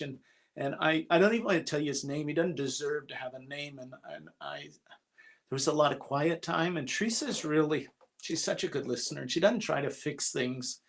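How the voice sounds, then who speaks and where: A man's voice: a little high, animated, fairly quick. A man speaking as a guest at a church, telling a personal story in an earnest, confessional way and often repeating his opening words.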